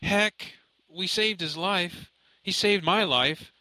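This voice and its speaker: A man's voice: fairly high pitch, lively intonation, normal speed, pushed and bright, no echo, pitched above the performer's own voice, poor audio. A man voicing a distraught, grieving young man who speaks in a shaky, pleading way, close to tears, in an audiobook. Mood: frightened. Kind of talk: audiobook character voice.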